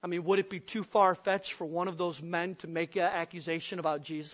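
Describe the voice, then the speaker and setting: A pastor from the upper Midwest preaching a sermon, asking the congregation questions and acting out the voices of frightened men. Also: male voice, high-pitched, fairly even intonation, brisk, hardly any pauses, a bit bright, highs cut off.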